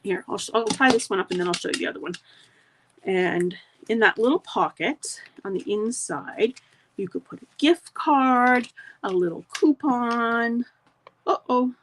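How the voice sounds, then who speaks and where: Talking to her live audience as she works, a middle-aged woman walks through a craft project one step at a time in a relaxed, chatty way. Her pitch is fairly high, her pace a little slow, and there's slight background noise.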